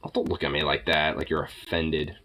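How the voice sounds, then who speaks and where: A man's voice: a bass voice, flat delivery, a little fast, bright, forceful tone. A man chatting playfully with his pets at home, teasing them with mock insults and swearing, then cooing baby talk at them. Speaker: pet owner talking to his cats.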